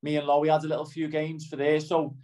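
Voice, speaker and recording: A middle-aged man, a footballer from Liverpool judging by the accent, chats in an interview, rambling and often saying "do you know what I mean". His fairly high, darkish voice is completely flat and quick, on a rough recording.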